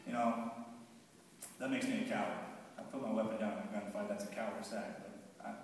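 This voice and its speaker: A man telling his own war story to a live audience in a halting, heavy way, often stopping and repeating words. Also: lowish voice, fairly even intonation. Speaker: speaker recounting his war experience to an audience. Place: large hall with an audience. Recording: echoey hall, mic far off, faint background hiss.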